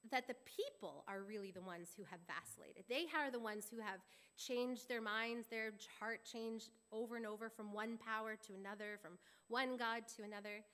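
In this sermon, a female pastor speaks with a bright, forceful voice that sits slightly high. Her teaching is earnest and expository, working through scripture and reading verses aloud as she goes.

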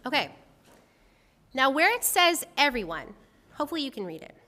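A woman's voice: high-pitched, very animated, normal speed, sharp tone. A woman preaching a sermon, leading her congregation in a reading and then explaining it in a conversational, earnest way. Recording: long hall reverb.

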